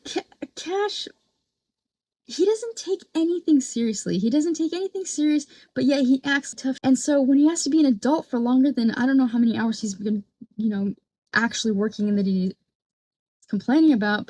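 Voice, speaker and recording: A woman's voice: sits high, normal speed, dark tone, breathy edge, no room sound. A woman giving casual reaction commentary on a clip, with a blunt, profane and mocking manner.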